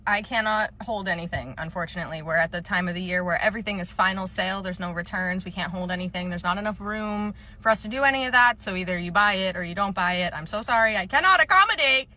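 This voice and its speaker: A young woman telling comedic storytime skits about retail work, deadpan and sarcastic. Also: medium pitch, quick pace, hardly any pauses. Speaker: comedy creator, former store cashier.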